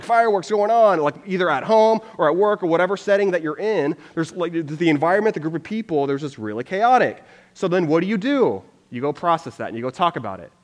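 A man giving a casual conversational sermon, energetic and loose, scattering "like" through his talk. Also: a little high. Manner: energetic, loose, full of "like" fillers. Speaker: preacher. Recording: long reverb from a hall.

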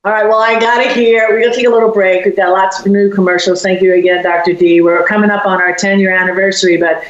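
A woman's voice: medium pitch, level tone, fast. Teasing woman radio host, roomy sound. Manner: teasing, upbeat. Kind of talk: casual radio chat. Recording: roomy, dull, faint noise.

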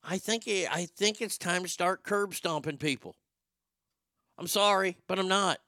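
A man's voice: sits high, bright, forceful tone, dry recording, clean studio sound. A man hosting a vlog, ranting in a crude, opinionated monologue and stammering over his words. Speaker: vlog host.

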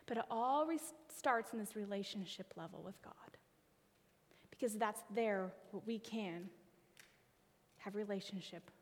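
A woman preacher giving a sermon with a personal story, expressive, often trailing her phrase endings off into a whisper. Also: mid-range voice, a little slow, long pauses, long reverb tail.

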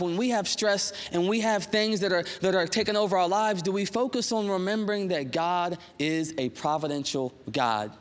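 A young male pastor with a high voice preaches a casual sermon in a church. He tells personal stories in a conversational, animated way and drops in quick asides. His voice rings through a reverberant church hall.

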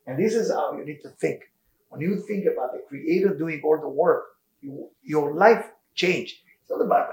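A man leads an informal Torah class, his voice sitting a touch high. He tells stories with lively energy in broken English full of Hebrew words. The sound carries the echo of a reverberant room. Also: moderate pace. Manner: animated storytelling, non-native English with Hebrew terms. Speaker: rabbi teaching a class. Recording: echoey room.

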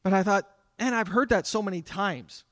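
A man's voice: high-pitched, normal speed, fairly bright tone, no room sound. A man preaching a sermon to his congregation in a conversational way, with asides to the people in the room. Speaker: pastor. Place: church sanctuary.

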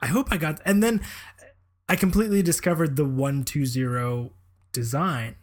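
Hesitant, halting podcast co-host man. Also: fairly high pitch. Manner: hesitant, repeats words, many fillers. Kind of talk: casual chat.

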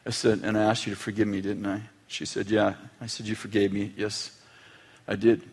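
A man's voice: on the low side, level tone, brisk, breathy edge. A middle-aged man preaching a sermon, telling family stories and acting out their quotes with humor. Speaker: pastor.

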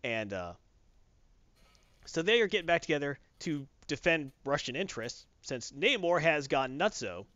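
A man casually recapping a comic book story on a podcast, acting out the characters' lines in quick voices. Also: a little high, big pitch swings, bright, forceful tone, no echo. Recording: dull lo-fi dry recording.

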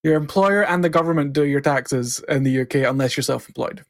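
A man's voice: on the high side, fairly quick. A man from the United Kingdom co-hosting a casual podcast chat, easygoing and explanatory. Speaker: podcast co-host.

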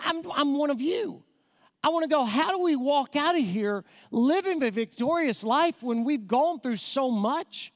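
A man preaching an evangelistic sermon as a guest speaker, emphatic and talking straight to the congregation, rushing some phrases and slowing hard on key words. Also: extremely high pitch. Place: church sanctuary. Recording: long reverb of a large church hall.

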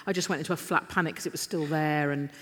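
A woman's voice: low voice, quick pace, a little hiss or hum. Self-mocking Englishwoman telling stories on stage. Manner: animated, self-deprecating anecdotes with restarts. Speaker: interview guest. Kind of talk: live on-stage storytelling. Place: stage in a large literature festival hall. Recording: live hall with long reverb.

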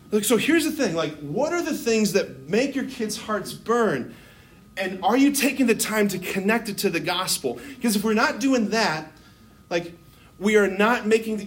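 A man who is a Catholic priest, giving a lively, conversational sermon to a live audience, full of asides and fillers. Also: high voice, unhurried. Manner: animated and conversational, with many fillers. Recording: roomy hall sound with faint noise.

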